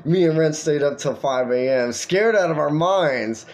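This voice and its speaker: A man's voice: on the high side, lively intonation, unhurried. Man reading a story with profane asides. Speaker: podcast host. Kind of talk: reading an online story aloud with commentary.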